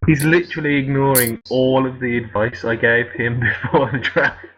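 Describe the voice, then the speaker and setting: A man's voice: medium pitch, steady tone, moderate pace, fairly bright tone. Chatty man over lo-fi voice chat. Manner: chatty, laughing, opinionated. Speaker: stream co-host. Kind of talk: casual stream chat. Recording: dull lo-fi voice chat.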